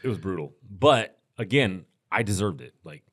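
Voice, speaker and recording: Podcast guest, middle-aged man, very low voice, relaxed storyteller with lots of restarts. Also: normal speed. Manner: laid-back, rambling with restarts and fillers. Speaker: podcast guest, firearms instructor. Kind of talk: casual storytelling.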